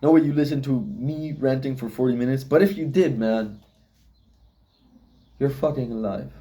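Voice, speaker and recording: A man's voice: medium pitch, moderate pace, mellow. A young man rambling philosophically in a casual solo vlog, swearing often and laughing at himself. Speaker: vlogger.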